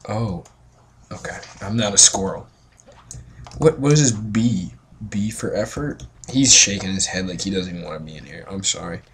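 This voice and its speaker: A man's voice: low-pitched, lively intonation, normal speed, a bit bright, a little hiss or hum. A drunk man giving casual gameplay commentary, rambling and swearing with joking asides. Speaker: let's play gamer.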